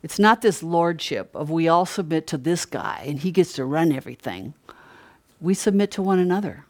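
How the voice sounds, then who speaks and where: A woman's voice: sits low, expressive, normal speed. Older woman preaching in a chatty way. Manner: chatty, rhetorical questions, frequent laughs. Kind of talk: conversational sermon.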